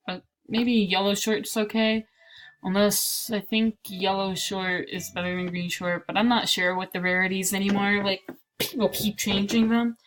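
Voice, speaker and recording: A slightly sick woman chatting playfully through a casual gameplay commentary, slipping into whispered asides. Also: medium pitch. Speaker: gameplay video creator.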